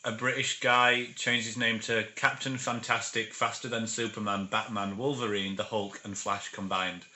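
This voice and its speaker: A man's voice: lowish voice, little pitch movement, normal speed, sharp tone, reverberant, a little hiss or hum. A man co-hosting a casual chat show, reading out odd facts between giggles. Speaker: podcast co-host. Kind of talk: casual banter.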